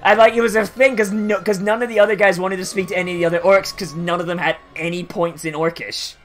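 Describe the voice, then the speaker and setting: A man's voice: sits high, fairly even intonation, fast, a bit bright, soft background music. A man streaming a game, telling a story in a rambling, swearing, filler-heavy casual chat.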